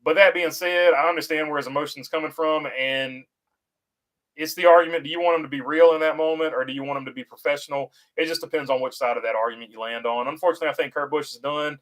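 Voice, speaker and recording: A man hosting a casual livestream, reading out viewer comments and answering them in a halting, easygoing way with lots of "uh" fillers and restarts. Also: on the high side, fairly bright tone, poor audio. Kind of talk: casual livestream chat about racing.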